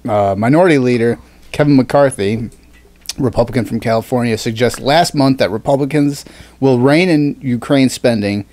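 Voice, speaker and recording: A man's voice: medium pitch, normal speed, a little mellow, no room sound. A man co-hosting a satirical podcast, reading news items aloud and breaking into crude jokes. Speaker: podcast co-host.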